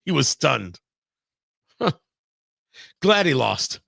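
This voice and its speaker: A man's voice: mid-range voice, very animated, drawn-out words, creaky, fairly bright tone, no room sound, clean studio sound. A man hosting a radio talk show, delivering a sarcastic, mocking opinion monologue with emphatic asides. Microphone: studio microphone, live-streamed show.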